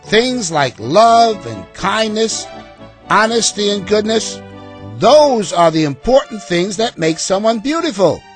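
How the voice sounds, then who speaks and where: A kind young girl who patiently reassures her friends, as a man reading aloud puts her on. Her lines ride high with a lilting rise and fall, and soft music plays underneath. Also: big pitch swings, slow, exaggerated voice. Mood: earnest. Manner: earnest, reassuring.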